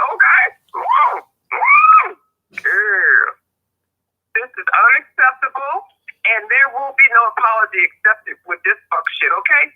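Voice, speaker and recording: A fired-up woman caller pours out a profane rant, her high voice leaping all over the place. She comes through a thin, tinny phone line. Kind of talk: heated call-in rant.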